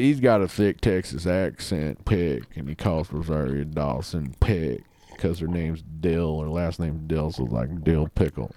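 A man's voice: extremely low pitch, normal speed, hardly any pauses, mellow, no room sound. A man hosting a solo podcast, talking in a rambling, offhand and profane way. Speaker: podcast host. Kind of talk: casual solo podcast chat.

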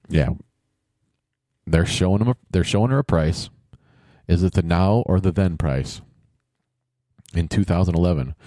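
Lower-voiced man doing wisecracking play-by-play. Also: darkish tone, dry recording, studio quality. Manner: rambling, wisecracking, sarcastic asides. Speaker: show commentator. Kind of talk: casual play-by-play commentary.

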